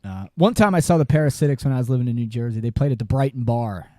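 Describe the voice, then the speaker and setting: A man's voice: mid-range voice, expressive, racing, warm tone, dry recording, studio quality. A man hosting a podcast in casual chat, laid-back, laughing often and telling stories. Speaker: podcast host.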